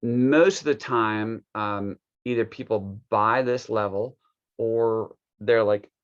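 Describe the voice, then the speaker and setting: A man's voice: lowish voice, takes it slowly, clean tone, muffled recording. A man casually walking through a wellness device demo, rambling loosely with plenty of fillers and restarts. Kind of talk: casual unscripted product walkthrough.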